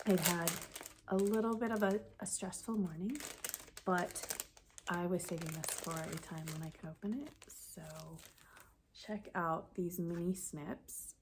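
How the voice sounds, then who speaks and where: A sniffly woman knitting vlogger chatting excitedly as she unboxes a gift, sometimes dropping to a whisper. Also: on the low side, a little slow, background noise. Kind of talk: casual unboxing chat.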